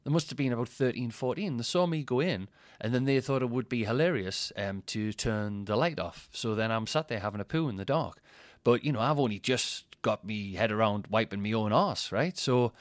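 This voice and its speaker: A man's voice: mid-range voice, brisk, no echo, studio quality. A man, telling rambling, self-mocking stories on his podcast and laughing at his own jokes. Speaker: comedian and podcast host. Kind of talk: casual anecdotal chat.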